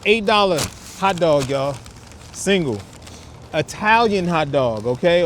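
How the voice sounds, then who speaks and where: A man's voice: fairly high pitch, animated, normal speed. A man hosting a casual food review vlog, chatting to viewers in laid-back slang outdoors on a windy city street. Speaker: food vlogger host.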